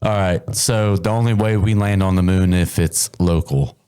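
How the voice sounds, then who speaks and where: A man's voice: sits low, fairly even intonation, normal speed, dark tone, clear, resonant tone. A man co-hosting a casual podcast chat, laid-back and insistent on his points.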